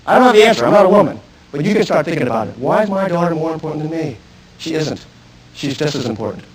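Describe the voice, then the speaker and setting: A man's voice: fairly high pitch, lively intonation, quick pace, slight background noise, poor audio. A man teaching a self-defense seminar to a live audience, speaking intensely and directly and firing questions at the listeners. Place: room with an audience. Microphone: archive video recording.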